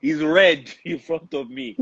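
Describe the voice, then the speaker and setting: A man's voice: sits high, very animated, a little slow, vocal fry, a bit bright, husky, no room sound, muffled recording. A man with a Nigerian accent talking earnestly as a podcast guest, often repeating words as he presses a point. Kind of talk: candid podcast discussion.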